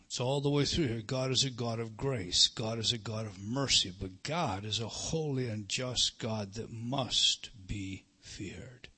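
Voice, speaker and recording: A middle-aged man preaching a sermon, emphatic, rising to loud stresses and dropping to hushed lines. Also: mid-range voice, a little slow, few pauses, slightly rough. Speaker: pastor.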